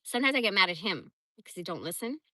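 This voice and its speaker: A woman in her forties chatting casually on a livestream, reading comments and telling stories in a blunt, profane, animated way. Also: mid-range voice, fast, no room sound. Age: 40s. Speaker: livestream host.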